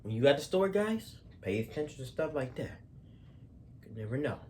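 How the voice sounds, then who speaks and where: A man's voice: mid-range voice, very animated, moderate pace, darkish tone, a little hiss or hum. A man telling stories in a casual, rambling way, full of fillers, restarts and slang. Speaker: storyteller. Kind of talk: casual spoken storytelling.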